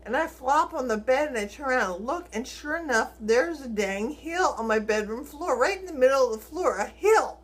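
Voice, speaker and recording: A middle-aged woman vlogging, telling a personal story in a lively way and acting out the dialogue. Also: high-pitched, a little fast, hardly any pauses. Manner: animated, acts out quoted dialogue, chuckles while telling.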